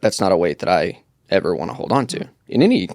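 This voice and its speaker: A reflective man talks as a guest in a casual podcast chat, pausing and restarting with fillers. His voice sits fairly low. The sound is dry and close, with no room echo. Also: big pitch swings, gravelly, darkish tone.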